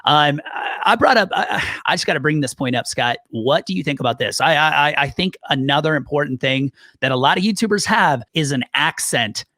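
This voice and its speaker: A man's voice: a little high, expressive, a little fast, few pauses, pushed and bright, no echo, studio quality. A man co-hosting a casual podcast chat, talking animatedly with lots of fillers and restarts. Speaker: co-host.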